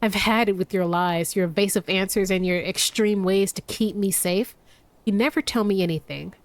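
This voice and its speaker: A woman's voice: mid-range voice, moderate pace, lightly acted. A woman voicing a stubborn, tearful young game hero in heated, accusing outbursts in her own voice. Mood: exasperated.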